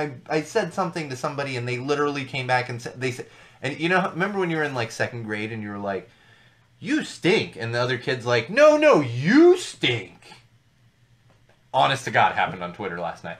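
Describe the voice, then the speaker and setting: A man's voice: medium pitch, expressive, quick pace, fairly bright tone. Male host, thirties, loose solo commentary, riffs and repeats lines for effect. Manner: rambling, jokey asides, repeats for emphasis. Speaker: podcast host. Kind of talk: casual solo commentary on news.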